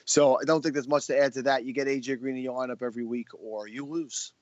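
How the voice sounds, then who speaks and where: A man's voice: medium pitch, steady tone, quick pace, dry recording. Joking podcast co-host guy, dry muffled-ish mic. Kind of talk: casual podcast chat.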